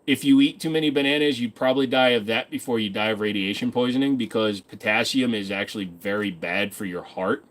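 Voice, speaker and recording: A man's voice: on the low side, fairly even intonation. A man hosting a casual livestream, reading viewer comments and answering them in a rambling, offhand way. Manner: rambling, offhand, quick asides. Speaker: streamer host.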